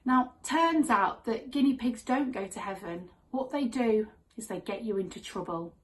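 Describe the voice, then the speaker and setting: A woman telling a comic true story on stage in a wry, deadpan manner. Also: a little high, moderate pace, low-quality recording.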